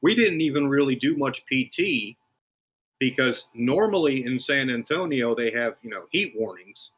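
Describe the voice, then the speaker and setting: A man's voice: medium pitch, animated, normal speed, a bit bright, breathy edge, rough recording. A man in his fifties, a podcast guest, telling dry, wry anecdotes in a casual chat.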